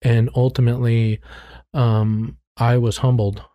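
With a medium-pitched, dark-toned voice, a middle-aged guest speaks at a measured pace and in a level tone, with no echo. A former drug dealer turned ministry worker, he gives candid testimony in conversation, earnest and frank, frequently repeating words as he gropes for them.

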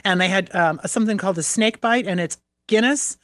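A woman's voice: medium pitch, fairly quick, fairly bright tone, dry recording. Woman radio co-host, middle-aged, chatty, laughs easily, dry studio mic. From New Hampshire. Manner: chatty, laughs easily, wanders between topics. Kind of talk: casual on-air chat.

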